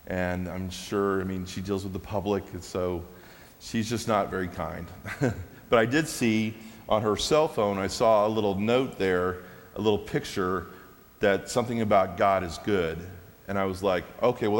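A man shares a testimony from the pulpit, telling it as a lively story and laughing at his own moments. His voice sits a little low. Long reverb from a large hall trails every phrase. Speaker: preacher sharing a testimony.

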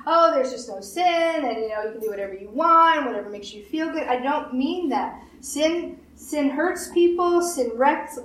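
A woman pastor giving a sermon, with emphatic repetition and quick acted-out quotes. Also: high voice. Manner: repetitive emphatic preaching, acts out quoted voices. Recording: roomy echo, distant mic, faint hiss.

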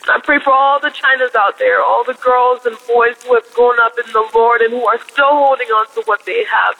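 A middle-aged man leaving an emotional voicemail prayer for a podcast community, fervent, with his voice swinging high and low. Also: fairly quick, vocal fry, bright, forceful tone, poor audio. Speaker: caller.

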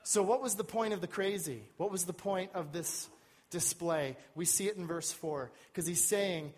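A pastor giving a sermon, preaching earnestly and building emphasis on key words. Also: male voice, sits high, moderate pace, slightly rough.

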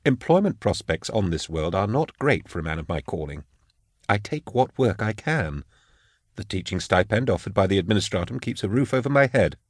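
A man's voice: on the low side, expressive, brisk, dry recording, clean studio sound. A man voicing a meek, frightened middle-aged male scholar in an audiobook, with a thin, reedy, nervous voice. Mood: defensive. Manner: nervous, pleading. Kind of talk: audiobook character voice.

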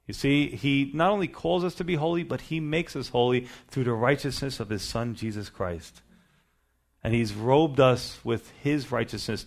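Man, pastor, sermon, earnest, emphatic, rhetorical questions, mid pitch. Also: gravelly.

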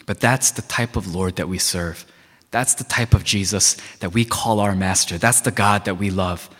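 A man's voice: low voice, normal speed, a bit bright, husky. A man preaching a sermon as a pastor, emphatic and repetitive, with many rhetorical questions. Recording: long reverb of a large hall.

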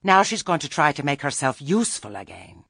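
A dour old village woman, as a male narrator puts her on, deadpan and darkly dry. Husky voice, close and dry in the recording. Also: on the high side, a little fast, dry recording, voice pushed up, heavily acted. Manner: dark and deadpan.

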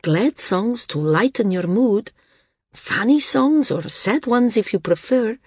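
A woman's voice: a little high, animated, takes it slowly, darkish tone, slightly rough, dry recording, clean studio sound, voice pushed up, exaggerated voice. A woman reading the part of a young male singer who is eager, earnest and a bit stubborn.

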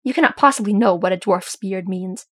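Stern, forceful male dwarf lord for a storybook reading, husky grit, voiced by a woman. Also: medium pitch, fairly even intonation, normal speed, no room sound, clean studio sound. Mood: snarling. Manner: forceful and snarling.

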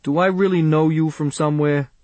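Gruff, suspicious older barber, as a male reader voices him; curt, a bit raised. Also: fairly high pitch, steady tone, brisk, a little mellow, dry recording, voice pushed up, natural voice. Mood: concerned.

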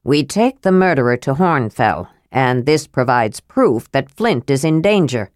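A woman's voice: rumbling low, sing-song, a little slow, darkish tone, no echo, heavily acted. Woman voicing a solemn male knight, grave and earnest, dry close sound.

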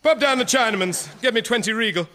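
A man's voice: extremely high pitch, expressive, quick pace, heavy background noise. A man playing a shifty, greedy Victorian male detective in a comedy sketch.

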